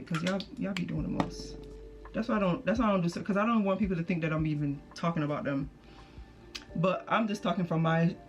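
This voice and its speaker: Chatty woman telling a storytime. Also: fairly low pitch. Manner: chatty, slangy, animated retelling with quoted voices. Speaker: vlogger. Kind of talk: casual storytime.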